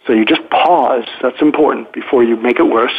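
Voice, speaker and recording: Over a tinny phone line, an older psychiatrist speaks as a guest in a casual explanatory interview. His medium-pitched, slightly rough voice moves at a moderate pace, rambling at length with lots of fillers and restarts.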